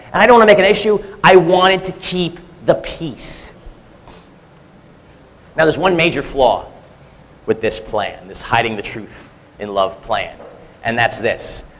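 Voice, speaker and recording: A man's voice: high voice, a bit bright, big-room sound. A middle-aged man giving a candid, self-deprecating sermon as a church speaker, talking in a loose conversational way with frequent restarts. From three-quarters Sicilian heritage. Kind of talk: personal testimony sermon.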